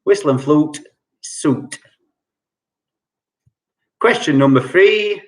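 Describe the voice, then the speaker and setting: Speaking slowly and expressively in a voice that's a little high, a man hosts a lockdown quiz night from home via video call. Every clue gets repeated several times, and he walks through the answers in a jokey, conversational way.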